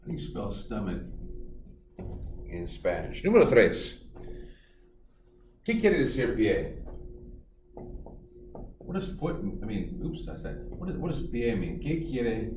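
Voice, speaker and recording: A man teaching a beginner Spanish lesson remotely, playful and jokey, repeating words slowly for his students. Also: medium pitch, sing-song, darkish tone, a little hiss or hum. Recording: echoey room, from far off, faint music.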